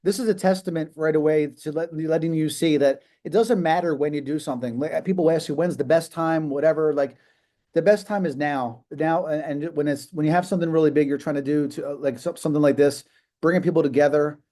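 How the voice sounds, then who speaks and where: A man in his fifties hosts a live video call and talks off the cuff, emphatic and rambling, full of restarts and fillers. His voice sits a little high but sounds dark and mellow. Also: fairly even intonation, fairly quick. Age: 50s. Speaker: host of a live business call. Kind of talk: casual motivational talk.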